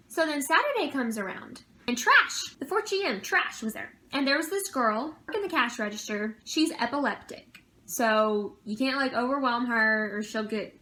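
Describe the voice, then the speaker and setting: A young woman with a bright, forceful voice tells a story to her camera. She sits a little higher in pitch than most women and keeps it lively, with indignant edges. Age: young adult. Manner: animated storytelling with indignant outbursts. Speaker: vlogger. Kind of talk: casual storytime vlog.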